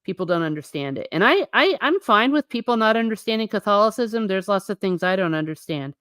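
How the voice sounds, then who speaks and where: A woman's voice: mid-range voice, expressive, a little fast, a bit bright, no echo, studio quality. A woman hosting her own channel, musing alone in her living room in a chatty, rambling way with sarcastic asides. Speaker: channel host. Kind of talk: casual solo musing.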